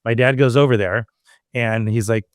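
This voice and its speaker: Man, podcast host, from Southern California, medium pitch, casual storytelling, acts out dialogue, dry sound. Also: moderate pace, no echo. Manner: animated, acts out quoted dialogue.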